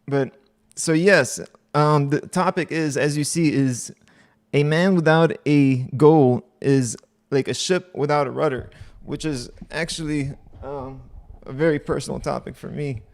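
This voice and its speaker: A man's voice: fairly high pitch, unhurried. A man hosting a casual livestream, chatting to viewers in a rambling way and laughing often. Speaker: livestream host.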